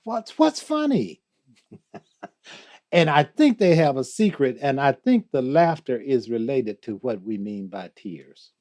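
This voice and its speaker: An older man as a guest in an interview, talking slowly and reflectively, reciting poetry and laughing often. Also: medium pitch, expressive, darkish tone. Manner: slow, musing, quotes poetry, laughs often. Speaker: guest, theologian.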